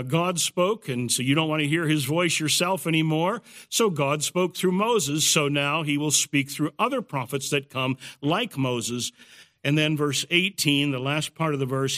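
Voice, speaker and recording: A man giving a measured, explanatory Bible study lecture in the evening. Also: a little high, fairly bright tone. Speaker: Bible teacher.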